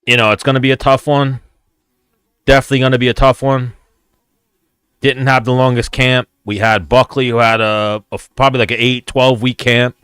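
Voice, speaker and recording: A man's voice: mid-range voice, level tone, moderate pace, fairly bright tone, clear, resonant tone, no echo, clean studio sound. A man hosting a casual fight watch-along, chatting loosely with viewers in a rambling, profane way. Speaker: host.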